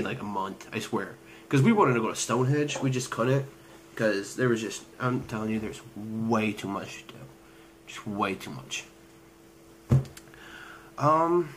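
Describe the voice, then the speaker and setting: A man's voice: mid-range voice, expressive, unhurried, pauses often, slight background noise, poor audio. Rambling young man vlogging. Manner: rambling, hesitant, many fillers and restarts. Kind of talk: casual travel vlog chat. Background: background music.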